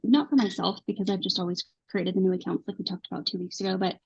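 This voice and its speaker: A woman co-hosting a casual chat, speaking in a relaxed, conversational way over a video call. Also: mid-range voice, quick pace, gravelly, breathy edge. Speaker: co-host. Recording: dull lo-fi video call audio.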